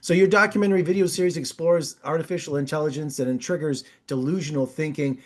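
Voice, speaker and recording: A middle-aged man with a fairly high voice hosts a casual interview. He is chatty and eager and stumbles over a word here and there. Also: steady tone, fast. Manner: chatty, enthusiastic, stammers a little. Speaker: film critic host.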